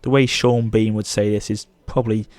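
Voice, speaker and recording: A young man commenting on his strategy game as a let's play host, gushing with excitement. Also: on the low side, fairly quick, no echo. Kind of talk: gameplay commentary.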